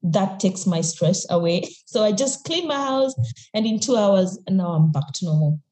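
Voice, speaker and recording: A young Kenyan woman speaks in a mellow, dark-toned voice, candid and reflective, laughing often as she talks. Her voice rings in an echoey room, and she restarts phrases as she goes. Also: medium pitch, lively intonation, moderate pace. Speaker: podcast guest. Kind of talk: podcast interview.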